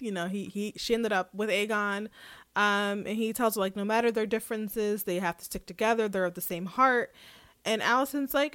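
A woman's voice: mid-range voice, moderate pace, no room sound. A woman co-hosting a casual podcast, recapping a show in a chatty way and laughing often. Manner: chatty, laughs often, animated when retelling scenes. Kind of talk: casual chat.

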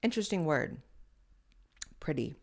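A woman's voice: low voice, sing-song, a little slow, very noisy. A young adult woman hosting a podcast, giving blunt, crude and sassy commentary on social media clips. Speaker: podcast host.

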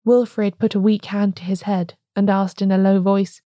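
Warm-toned woman narrating a story. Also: mid-range voice, little pitch movement, gravelly, dry recording, studio quality. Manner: measured storytelling. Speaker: podcast host and narrator. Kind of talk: scripted narration.

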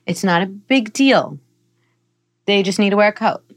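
A middle-aged woman psychologist, guesting on a podcast, explains parenting in an earnest, teaching way, getting playfully animated in her examples. Her voice is medium-pitched at a normal speed.

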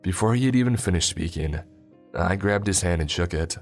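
A man narrating a first-person story in a measured storytelling delivery. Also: sits low, soft background music.

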